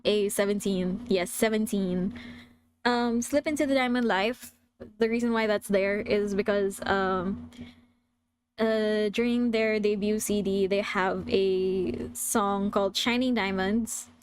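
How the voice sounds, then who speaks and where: A woman's voice: medium pitch, slight background noise. A young woman from the Philippines, giving a casual, hesitant talk on a stream. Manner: chatty, hesitant, many fillers and restarts.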